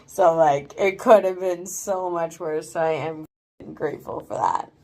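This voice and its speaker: Tired woman rambling, slightly low voice. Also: measured pace, darkish tone. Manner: rambling, filler-heavy, swears freely. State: tired after oral surgery. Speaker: vlogger. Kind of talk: casual late-night vlog. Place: home, bed then bathroom.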